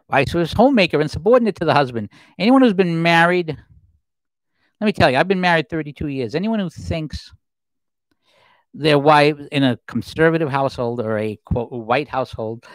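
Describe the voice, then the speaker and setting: A man in his fifties hosts a plain livestream, his pitch rising and falling freely as he rambles through commentary. He circles back on himself with restarts and asides. The sound is dry and close, with no room around him. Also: dry recording, rough recording. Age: 50s. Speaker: livestream host. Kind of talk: solo political commentary livestream.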